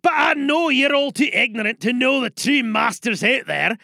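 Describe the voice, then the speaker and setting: A man playing a bossy, hot-tempered director who keeps shouting at his cast. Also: very high-pitched, lively intonation, moderate pace, gravelly, no room sound, heavily acted. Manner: exasperated, barks orders. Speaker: director of a pirate audio drama. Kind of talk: comedic sketch acting.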